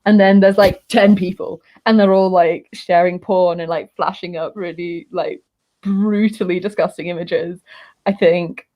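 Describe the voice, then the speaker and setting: A woman on a video call, guest on a podcast, telling an anecdote in animated, giggly casual chat. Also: fairly low pitch, unhurried, muffled recording.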